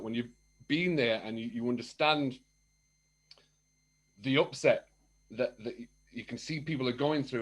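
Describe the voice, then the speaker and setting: A man speaking as a podcast guest, telling his story openly and acting out remembered conversations in different voices. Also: medium pitch. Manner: candid and animated, acts out remembered dialogue. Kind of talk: casual chat.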